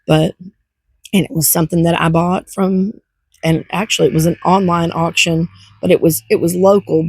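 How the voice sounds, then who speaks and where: An older woman chats casually to camera in a rambling, heartfelt way. Her voice is gravelly and a little husky. The sound is dry and close. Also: fairly low pitch, dry recording. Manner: rambling, chatty, gets teary. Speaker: vlogger.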